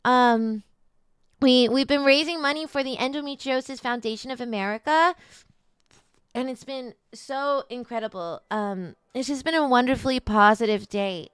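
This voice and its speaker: A woman's voice: sits high, moderate pace, fairly bright tone, no echo. A woman streaming a charity event, chatting casually with her audience, rambling and emotional, close to tears. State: near tears. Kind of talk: casual chat.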